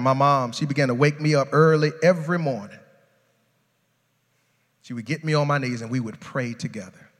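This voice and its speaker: A male pastor preaches with a high, bright, ringing voice, swinging from hushed low lines up to loud, climbing shouts. His words carry a long reverb through a large sanctuary. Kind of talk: sermon.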